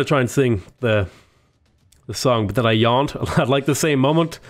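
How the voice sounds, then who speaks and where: In this casual let's-play, a young Australian man speaks at a normal speed in an expressive, medium-pitched voice. He's a gaming YouTuber rambling through a strategy game and talking to his units.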